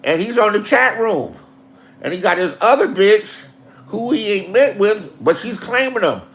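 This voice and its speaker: Gravelly, slightly high-voiced man with a crude, rambling storytelling style. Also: lively intonation, moderate pace, a bit bright. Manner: crude, laughing, rambling, acts out quotes. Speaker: streamer telling stories. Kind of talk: casual profane storytelling.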